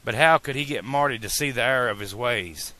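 Bright-voiced man reading an audiobook. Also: medium pitch, brisk. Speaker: audiobook narrator. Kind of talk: amateur audiobook narration.

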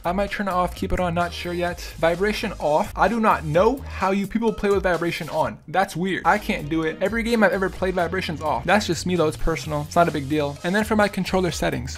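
A young man giving live gameplay commentary as a streamer, excitable, yelling and laughing at the game. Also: high voice. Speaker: gaming streamer.

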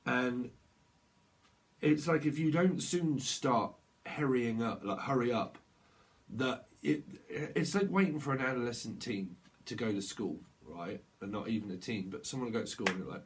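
A man's voice: mid-range voice, lively intonation, moderate pace. A man giving a loose, rambling tarot reading, laughing often and acting out little quoted voices. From United Kingdom. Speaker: tarot reader. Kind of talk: channeled tarot reading to camera.

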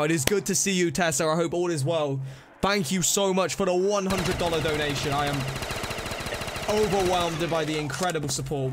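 A man streaming a zombie game live, reacting excitably, scolding himself and thanking donors. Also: fairly high pitch, slight background noise. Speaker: livestreamer. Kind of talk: live gameplay commentary. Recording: music playing behind voice. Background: game music and gunfire.

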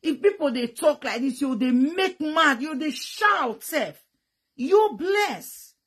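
A young woman with a Nigerian Pidgin English accent, talking frankly and bluntly to her viewers, with loud bursts and sound effects. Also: high-pitched, animated, slow. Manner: blunt and teasing. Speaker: vlogger. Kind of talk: frank casual talk to viewers.

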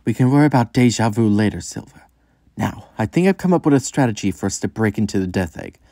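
Man voicing a composed cat warrior princess, brisk, matter-of-fact, low voice. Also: lively intonation, dark tone, no room sound, clean studio sound. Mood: focused.

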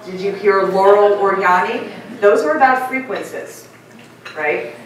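A middle-aged woman giving a lively conference keynote and asking her audience questions. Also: mid-range voice, a little slow, slight background noise. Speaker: keynote speaker. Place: large conference hall. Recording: echoey hall, mic from far off.

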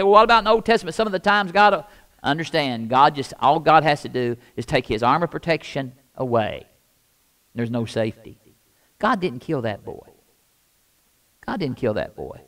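Older Midwestern male pastor, slightly high voice, sermon delivery that swings from hushed to loud with emphatic repeats. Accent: Midwestern American. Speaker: lead pastor.

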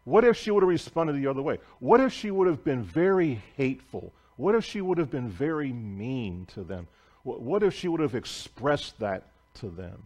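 A man preaching a sermon as pastor, telling a story emphatically and swinging between loud declarations and hushed asides. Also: medium pitch, big pitch swings, normal speed. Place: church sanctuary.

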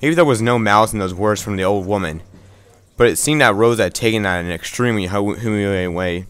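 Low-voiced man reading a game aloud. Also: quick pace, a bit bright, smooth, no room sound. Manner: stumbling restarts, wry asides. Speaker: visual novel reader. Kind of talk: reading a visual novel aloud with asides.

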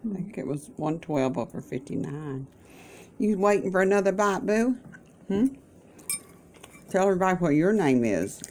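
A woman's voice: fairly low pitch, lively intonation, normal speed, pauses often, darkish tone, slight background noise. A woman chatting in a folksy, chatty way at her kitchen table, with religious asides. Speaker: vlogger caring for her mother. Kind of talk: casual chat. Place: home kitchen, breakfast table.

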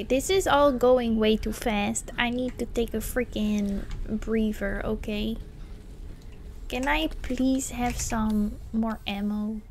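A woman streamer doing panicky let's play commentary of a horror game, exclaiming and talking slowly between scares. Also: on the high side, slight background noise. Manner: slow, drawn-out talk.

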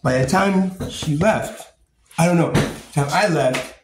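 A man's voice: a little high, takes it slowly. A man ranting angrily about his own experiences, swearing often, stumbling over repeated words and breaking into bitter laughs. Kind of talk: angry personal rant. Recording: roomy echo, faint background noise.

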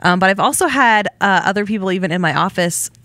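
A woman co-hosting a church podcast, speaking in a measured, thoughtful way. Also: medium pitch, animated, sharp tone, no echo. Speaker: podcast co-host. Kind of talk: casual church podcast chat.

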